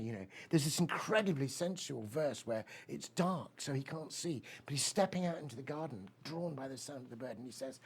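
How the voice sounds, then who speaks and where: At a weekend of talks, a man with a slightly high, gravelly, darkish and slightly rough voice tells a personal story and reads poetry aloud. He's rambling and enthusiastic, using many fillers.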